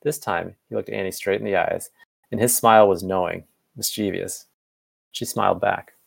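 Gravelly low-voiced man reading aloud. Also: fairly even intonation, normal speed. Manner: reads narration and dialogue with small slips and self-corrections. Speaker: fanfiction co-reader. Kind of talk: casual fanfiction reading aloud.

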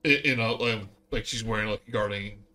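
A man's voice: fairly low pitch, little pitch movement, fast talker, sharp tone. A man narrating as game master for a tabletop game, talking casually with many fillers and restarts.

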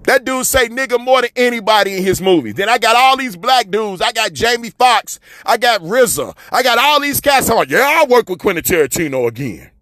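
Male radio commentator, high voice, preachy, shouts then drops low. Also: animated, normal speed, few pauses, dry recording, clean studio sound. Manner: preachy, repetitive, calls listeners "family" and "man"; swings from loud shouting to low mutters. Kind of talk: fiery street-talk commentary.

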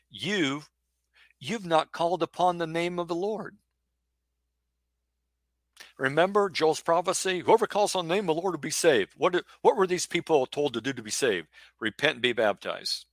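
Man, middle-aged, preacher; forceful bright tone, close dry sound, rhetorical sermon delivery. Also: fairly high pitch, no room sound. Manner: emphatic, rhetorical, acts out imagined questions. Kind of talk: sermon-style Bible teaching.

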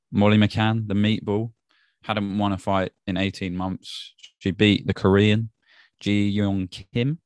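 A man with a very deep voice talks through a night of fights in a relaxed, laughing way, dropping "mate" here and there. The sound is dry and close. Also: clean tone, no room sound. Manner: laid-back, laughs often, British slang like "mate". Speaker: podcast co-host. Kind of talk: casual MMA fight recap.

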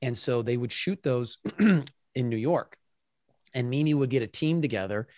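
An enthusiastic man hosting a casual interview, quick to laugh and chime in. His voice sits mid-range. The recording is close and dry. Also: mid-range voice, darkish tone, no room sound. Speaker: podcast host, actor.

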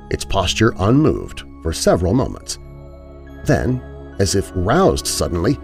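A man narrating a scripted horror story in a dramatic, expressive way. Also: fairly low pitch. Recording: narration over music.

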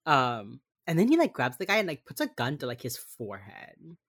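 A young woman co-hosting a casual chat, recapping a TV episode and acting out quotes with sudden loud bursts. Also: a bass voice, wildly swooping pitch, normal speed. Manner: chatty, acts out quotes with sudden yells. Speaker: podcast co-host recapping a TV episode.

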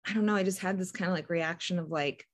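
Lower-voiced woman hosting a chatty podcast. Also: quick pace. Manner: chatty and rambling, with restarts and soft laughs. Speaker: podcast host and faith coach. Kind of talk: casual solo podcast talk.

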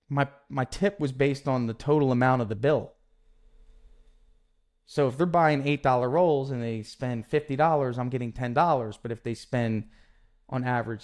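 A young adult man hosting a solo podcast, telling a sales story in a lively, casual way and acting out quick bits of dialogue. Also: medium pitch. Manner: animated, acts out customer dialogue in quick quotes. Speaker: podcast host, painting contractor.

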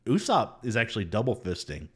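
Easygoing podcast guy, recapping in an unhurried way, quick to laugh. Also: fairly low pitch, slightly rough. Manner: relaxed, laughs often while summarizing. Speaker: podcast co-host. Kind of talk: casual chat.

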